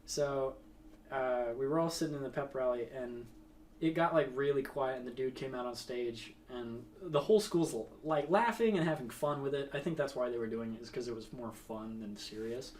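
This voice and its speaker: A man's voice: mid-range voice, normal speed, darkish tone, slight background noise. A young man telling a rambling, laughing story in casual chat, swearing freely.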